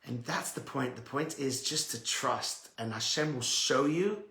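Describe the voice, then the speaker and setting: A middle-aged man, a rabbi giving a Torah talk, who swings between loud emphatic peaks and soft hushed stretches. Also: medium pitch, measured pace, echoey room.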